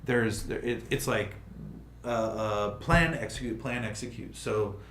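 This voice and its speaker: A man's voice: medium pitch, slow pace, fairly bright tone. Man, livestream host, casual rambling chat, many restarts, roomy sound. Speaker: crypto project host. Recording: roomy room with faint noise.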